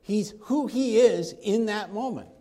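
A man with a fairly high voice preaches through a Bible passage verse by verse in expository teaching. He speaks a little slowly, in a lively, conversational way, and drops into casual slang when voicing the people in the story.

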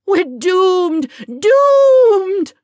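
A woman voicing a melodramatic, easily frightened male animal who wails and trembles in a high voice. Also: very animated, extremely slow, dry recording, clean studio sound, exaggerated voice. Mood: panicked. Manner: wailing, overwrought and trembling.

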